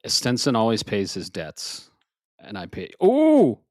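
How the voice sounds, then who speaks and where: A man hosting a casual video game podcast, a little out of breath, talking in an animated, swearing, self-mocking way. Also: fairly low pitch, unhurried, dry recording, clean studio sound. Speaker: podcast host. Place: home office upstairs.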